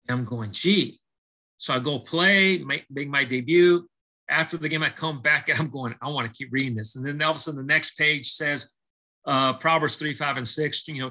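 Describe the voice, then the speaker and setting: In a rough recording, a middle-aged baseball coach with a mid-range voice speaks at normal speed. As a podcast guest sharing his life story, he animatedly acts out the dialogue and starts over often, giving the interview a storytelling-testimony quality.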